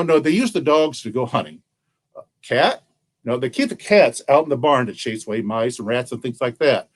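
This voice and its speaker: Animated storytelling man, lively pitch. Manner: animated, playful, asks the audience questions. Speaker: children's librarian. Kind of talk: interactive storytelling to camera.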